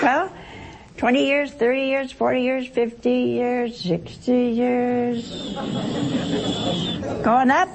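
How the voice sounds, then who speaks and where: A woman's voice: fairly high pitch, level tone, slow pace, pauses often, a little hiss or hum. A woman teaching a Bible study to a group, talking conversationally and expressively with rhetorical questions and playful asides.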